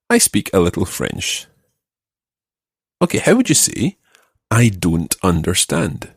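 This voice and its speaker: A man teaching a podcast language lesson, patiently giving phrases and slowing down to model pronunciation. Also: low-pitched, very animated, slightly rough, no echo, clean studio sound.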